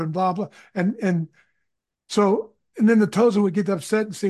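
A middle-aged man, a guest on a podcast, telling anecdotes in a relaxed way, often restarting his sentences. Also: sits high, normal speed. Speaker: guest, conflict consultant. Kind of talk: conversational storytelling.

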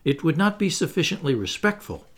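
A man voicing a bossy, eager boy who leads the others, talking in brisk commands. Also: on the high side, very animated, fairly bright tone, voice pushed up. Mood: commanding.

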